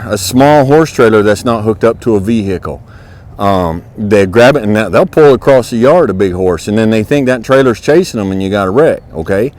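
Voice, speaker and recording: A man who trains horses, giving a plain-spoken, folksy lesson outdoors in a horse yard and talking softly to the horse as he works. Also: medium pitch, poor audio. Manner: coaxes the horse softly while working. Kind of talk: hands-on instructional video.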